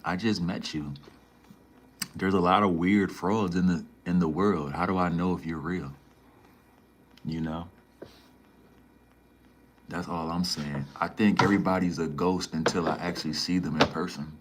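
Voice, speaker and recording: Brief: young male streamer from Minnesota, very low voice, loose slangy chat with viewers. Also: steady tone, a little slow, long pauses, a little hiss or hum. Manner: laid-back slangy banter, says "man" and "bro" a lot. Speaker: livestreamer. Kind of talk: casual livestream chat reading viewer comments.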